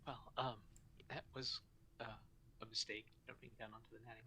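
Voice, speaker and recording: A man playing a tabletop role-playing game, talking in a playful, animated way. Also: mid-range voice, brisk, gravelly, slight background noise. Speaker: player. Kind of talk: casual tabletop play.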